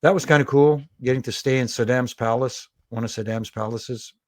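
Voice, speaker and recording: A middle-aged man, a guest on a podcast, telling long, animated anecdotes full of restarts. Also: mid-range voice, fairly quick, no room sound, studio quality. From Toronto, Canada. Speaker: guest, former wrestling referee. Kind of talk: casual storytelling interview.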